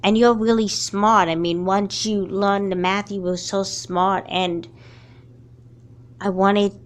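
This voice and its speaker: Woman playing a guilty timid girl, soft, apologetic, hushed, doll-movie friend. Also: mid-range voice, little pitch movement, slow, natural voice. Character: remorseful schoolgirl friend, timid. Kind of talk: fan doll-movie voice acting.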